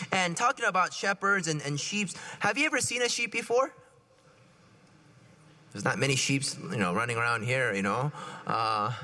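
A man preaching a sermon in a conversational, animated way, acting out little scenes as he talks. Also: high voice. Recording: reverberant hall.

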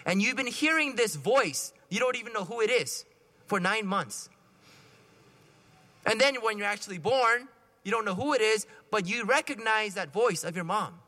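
A man preaching a sermon in a conversational, animated way, acting out little scenes as he talks. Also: high-pitched, normal speed. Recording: reverberant hall.

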